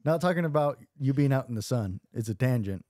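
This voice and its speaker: A man co-hosts a casual podcast, teasing the others with quick jokes and comebacks. His voice is mellow and dark-toned, and the recording is dry and close. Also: medium pitch, lively intonation, no echo. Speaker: podcast co-host. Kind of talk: casual chat.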